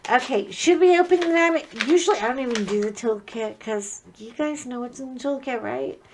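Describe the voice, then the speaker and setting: A woman's voice: sits high, a little fast, slight background noise. A middle-aged woman chatting casually as she unboxes a craft kit at home, joking and wandering off-topic with frequent restarts. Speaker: craft vlogger.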